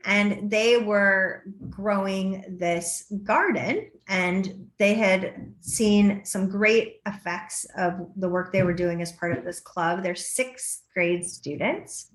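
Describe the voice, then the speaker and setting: A woman's voice: mid-range voice, takes it slowly, few pauses. A middle-aged woman speaking at an education forum, telling stories and acting out quoted exchanges. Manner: storytelling, acts out quoted exchanges. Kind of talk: forum talk. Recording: roomy echo.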